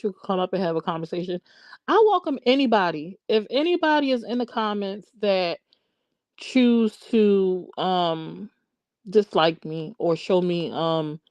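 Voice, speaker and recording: A woman's voice: fairly low pitch, a little mellow, no room sound, muffled recording. A woman hosting a casual livestream, chatting and answering viewers by name. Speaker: livestream host. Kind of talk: casual live chat.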